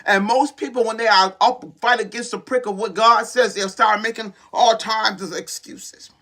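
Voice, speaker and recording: A man's voice: high voice, fairly even intonation, normal speed, sharp tone. A man preaching a sermon with fervor, repeatedly calling out to his listeners. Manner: fervent, repetitive exhortations with call-outs to listeners.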